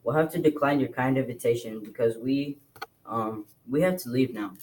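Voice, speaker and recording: A man's voice: mid-range voice, normal speed, a little mellow, lightly acted, low-quality recording. A man reading a novel aloud and voicing a nervous, overly formal boy genius. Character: anxious small boy genius, formal speech.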